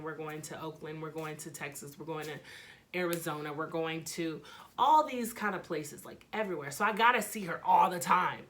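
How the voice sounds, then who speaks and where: A young woman vlogger telling a dramatic personal story, animated and full of profanity. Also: sits low, slight background noise. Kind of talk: storytime vlog.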